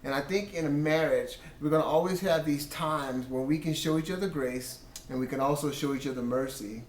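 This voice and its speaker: A man with a slightly high voice tells a faith story about his marriage in an earnest, storytelling way. He quotes himself and his wife as he goes. The room is echoey, with a faint hum of ambience behind him. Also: a little fast. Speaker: husband sharing testimony. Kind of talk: casual Christian testimony.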